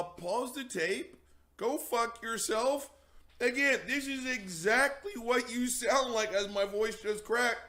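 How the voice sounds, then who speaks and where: A male show host delivering a heated, profane, mocking commentary rant, sometimes shouting. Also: high-pitched.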